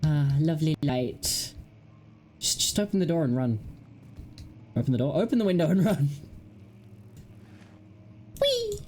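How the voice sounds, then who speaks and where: Woman gaming host, low and mellow, lively, giggly let's-play chatter. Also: normal speed, long pauses, a little hiss or hum. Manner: chatty, giggly, wry asides to herself. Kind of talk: casual let's-play commentary.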